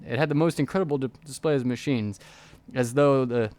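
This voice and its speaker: A man reading a text adventure game aloud as a let's player, going quickly and often stumbling over words. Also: mid-range voice, darkish tone. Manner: reads quickly with frequent stumbles.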